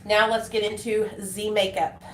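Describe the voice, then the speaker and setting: A woman's voice: medium pitch, flat delivery, moderate pace, fairly bright tone. A woman, chatting on a casual live stream in a rambling, emotional way with many fillers and restarts. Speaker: livestreaming vlogger. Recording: echoey room with faint noise.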